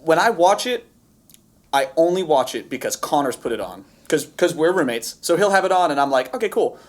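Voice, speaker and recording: A man's voice: on the high side, big pitch swings, fairly quick. A man, a podcast guest, telling a playful story in casual chat with jokey asides.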